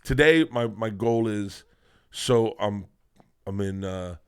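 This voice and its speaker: Profane storytelling man, low voice. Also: slow, clear, resonant tone. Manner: profane, rambling, energetic storyteller. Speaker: guest comedian. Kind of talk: casual podcast storytelling. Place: podcast studio.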